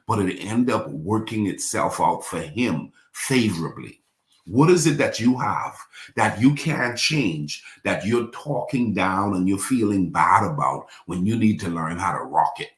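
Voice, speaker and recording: A man's voice: fairly low pitch, very animated, a little slow, echoey room. A man preaching a sermon in a church, repeating phrases and calling the congregation to respond. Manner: repetitive, call-and-response preaching. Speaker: pastor.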